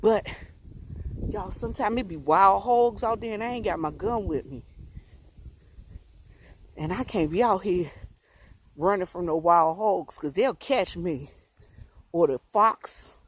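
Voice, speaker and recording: A woman's voice: low voice, darkish tone, slight background noise. A woman talking casually to viewers on a phone while walking outdoors, a bit out of breath and folksy and preachy in manner. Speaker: vlogger. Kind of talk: casual livestream walking talk. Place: outdoors on a rural road.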